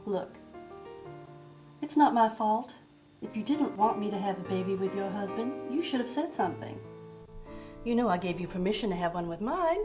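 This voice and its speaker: A woman's voice: medium pitch, lively intonation, normal speed, long pauses, close to an everyday voice. An actress playing a chatty, gossipy mother of three who is late for dinner and tells jokes, in an indie film with music behind.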